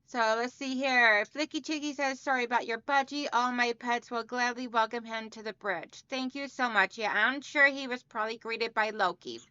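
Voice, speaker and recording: Woman, livestream host, chatty and upbeat, smooth clear voice, slightly high, dry slightly dull sound. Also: steady tone, normal speed, hardly any pauses, sharp tone, no room sound. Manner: chatty and upbeat, greeting viewers by name. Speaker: livestream host of a quilting channel. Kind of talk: casual livestream chat, reading out viewer comments. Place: at home.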